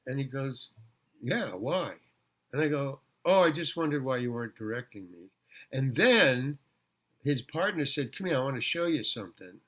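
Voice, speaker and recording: An older man, a guest actor, casually telling rambling anecdotes in an interview, with halting restarts and repeated words. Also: mid-range voice, lively intonation, a bit bright.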